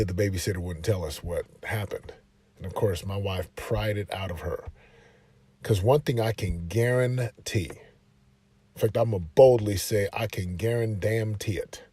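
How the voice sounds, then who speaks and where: A man's voice: fairly low pitch, dark tone, slightly rough, no echo. A man hosting a motivational parenting talk, passionate and emphatic, pressing his points home with force. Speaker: podcast host and parenting speaker.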